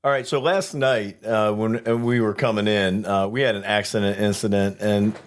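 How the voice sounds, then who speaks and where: A man's voice: fairly low pitch, fairly even intonation, moderate pace. A man co-hosting a casual podcast, a flight attendant telling funny work stories, laughing often and acting out quotes. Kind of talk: casual storytelling chat.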